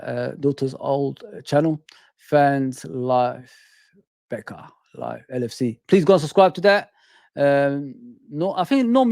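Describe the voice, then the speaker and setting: A man's voice: fairly high pitch, darkish tone, no echo, clean studio sound. A middle-aged man hosting a casual live stream, reading the chat aloud and answering it, often repeating his phrases. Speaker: host.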